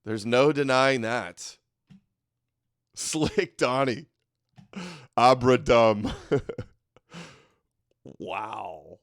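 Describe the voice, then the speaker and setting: A man's voice: mid-range voice, very slow, creaky, long pauses, no room sound. Male streamer host, mocking and sarcastic, dry close sound, laughs a lot. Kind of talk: livestream commentary reading donations.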